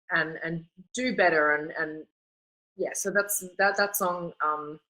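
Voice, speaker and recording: A woman's voice: low voice, pushed and bright, low-quality recording. A woman, a singer, chatting in an interview, gushing and rambling with lots of restarts. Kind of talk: casual interview chat.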